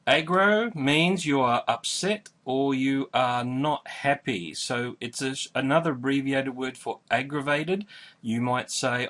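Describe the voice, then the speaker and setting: A man's voice: mid-range voice, a bit bright. Friendly Australian man explaining slang. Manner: friendly, explains slowly with examples. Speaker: host. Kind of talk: casual vocabulary lesson.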